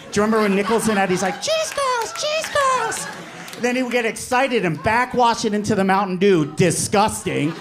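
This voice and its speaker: A man in his forties doing a stand-up comedy set, telling a story in an animated way and shouting when he voices characters. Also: sits high, noisy background. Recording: live club with audience laughter. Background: audience laughing.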